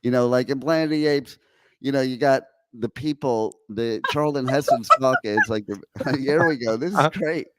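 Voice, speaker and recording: A man's voice: medium pitch, a bit bright, clear, resonant tone, dry recording, low-quality recording. Teasing man host, dry studio sound. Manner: teasing, laughing, quick to interrupt. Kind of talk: comedic talk-show banter.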